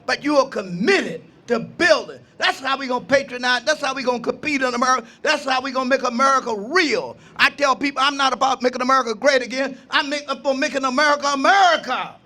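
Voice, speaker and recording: An older man, an imam, giving an impassioned outdoor speech at a park gathering, preaching with refrains and rising to shouts. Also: very high-pitched, quick pace, hardly any pauses. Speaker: imam speaking at a ceremony.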